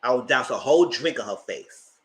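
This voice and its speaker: A man hosting a live TV review, chatting casually in a blunt, slangy, animated way. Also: medium pitch, brisk, rough recording. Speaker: host of a TV review channel.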